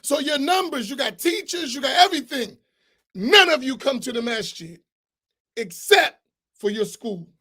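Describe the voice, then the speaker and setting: A man with a notably high voice speaks as an imam in a mosque class. He talks bluntly and emphatically, in a loose, colloquial way. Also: big pitch swings, normal speed, pushed and bright, breathy edge.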